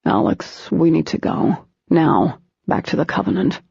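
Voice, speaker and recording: A gentle, protective young warrior man, as a woman narrator puts him on, talking softly and steadily in a storybook reading. The voice is husky, gravelly and dark. It sits in a dry, dull, lo-fi recording. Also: sits low, lively intonation, unhurried, no echo, heavily acted. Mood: urgent.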